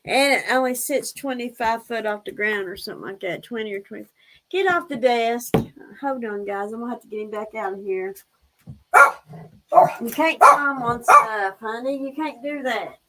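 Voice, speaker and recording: A woman's voice: fairly high pitch, animated, brisk, background noise. A woman hosting a casual livestream, chatty, laughing often and fondly scolding her pets. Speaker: livestream host.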